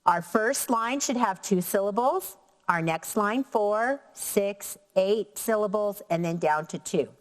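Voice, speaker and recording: A woman teacher giving a slow, clear lesson to young children, counting out syllables. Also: fairly low pitch, in a large hall. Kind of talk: elementary classroom lesson.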